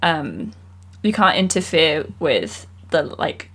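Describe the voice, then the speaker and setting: A woman with a husky, somewhat low voice co-hosts a casual book club podcast. She thinks aloud in a relaxed way, working through ideas as she goes. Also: slow pace. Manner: thoughtful, relaxed, musing. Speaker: podcast co-host.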